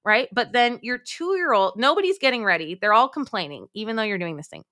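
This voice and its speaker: This mom coach, interviewed on a podcast, speaks briskly with few pauses at a medium pitch. She is direct and emphatic, calling listeners "my friends" and dramatizing the thoughts she quotes in animated voices.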